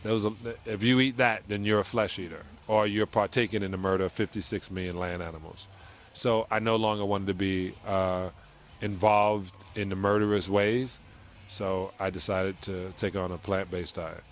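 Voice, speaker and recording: A middle-aged man giving a casual interview at an event, chatty and quick to laugh, telling stories with quoted voices. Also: low-pitched, steady tone. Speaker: interview guest.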